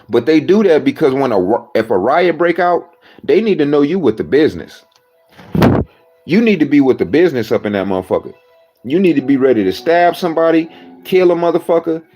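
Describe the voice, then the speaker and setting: Guy telling a jail story, cussing nonstop, kinda high voice, soft music under it. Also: big pitch swings, fairly quick, slightly rough, lo-fi sound. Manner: blunt, swears constantly, acts out voices of people in the story. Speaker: storyteller recounting jail time. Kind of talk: casual profane storytelling.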